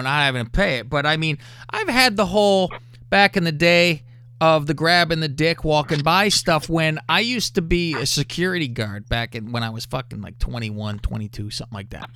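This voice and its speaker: A man hosting a podcast, telling crude stories with lots of swearing. His voice sits a little high and swings widely in pitch. The sound is dry and close, with no room echo. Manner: profane, animated and full of swearing. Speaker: podcast host. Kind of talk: crude storytelling.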